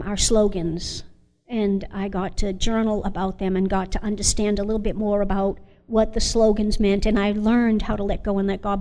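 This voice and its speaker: A woman sharing her recovery story as an Al-Anon member, earnest and reflective, pausing often with fillers. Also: medium pitch, mellow, in a large hall. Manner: halting, with many pauses and fillers. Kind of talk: personal testimony.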